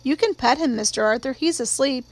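A woman voicing an earnest, polite young girl who coaxes gently, in an audiobook reading. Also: high-pitched, brisk. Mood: coaxing.

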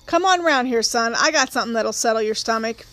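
A woman doing a wry gentleman. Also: a little high, brisk, dry recording. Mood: confiding. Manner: relaxed, confiding, wry. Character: wry middle-aged Southern man, sly and gentle.

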